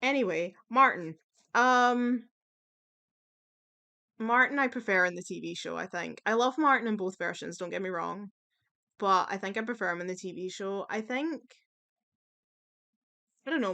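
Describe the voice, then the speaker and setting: A woman's voice: mid-range voice, moderate pace, sharp tone. Chatty, opinionated woman vlogger. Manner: chatty and opinionated, with frequent fillers and casual swearing. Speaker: YouTube commentator. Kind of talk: casual tier-list chat.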